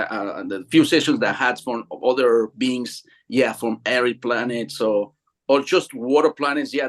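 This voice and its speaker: A man who works as a hypnotherapy practitioner, telling a session story in a rambling way with many fillers. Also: mid-range voice. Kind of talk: casual group talk.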